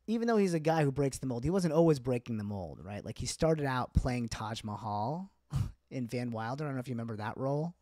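A man's voice: medium pitch, expressive, brisk, mellow, dry recording, clean studio sound. A man doing a comedian's casual stand-up bits on a livestream, rambling and self-deprecating, laughing at his own jokes. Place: indoors, livestream.

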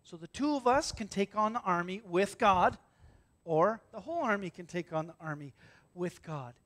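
Pastor, male, high-pitched, animated sermon delivery with acted-out voices, loud-to-hushed swings. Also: moderate pace. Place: church.

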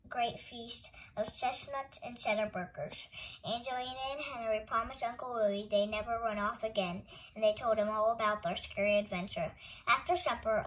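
Gentle woman reading a children's story. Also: a little high, poor audio. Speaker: storytime host reading a picture book. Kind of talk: children's read-aloud narration.

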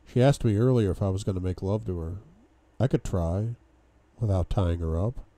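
A man's voice: low-pitched, normal speed, dark tone. A man reading a novel aloud for a book club, giving a dramatic first-person reading with sudden outbursts.

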